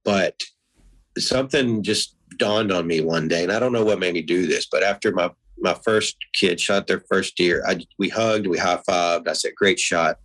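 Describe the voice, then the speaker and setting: A middle-aged man talking in a casual conversation, sincere and halting, restarting his sentences often. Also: low-pitched, fairly bright tone, low-quality recording.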